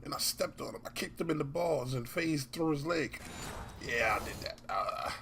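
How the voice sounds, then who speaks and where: A man's voice: on the high side, normal speed, vocal fry, a bit bright, slight background noise. A man casually commenting as he plays a football video game, muttering reactions to each play.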